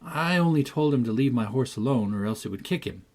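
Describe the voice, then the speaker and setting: A spirited young girl recounts her adventures in a classic storybook, read by a man. The voice is husky, and its pitch rises and falls in a lively, animated way. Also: brisk, lightly acted. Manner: lively first-person storytelling. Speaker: audiobook reader. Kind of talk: audiobook narration.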